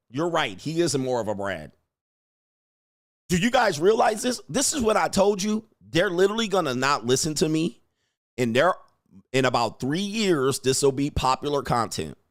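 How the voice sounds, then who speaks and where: A man ranting casually on a livestream, animated and emphatic, laughing and repeating himself for emphasis. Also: medium pitch. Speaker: dating commentary streamer.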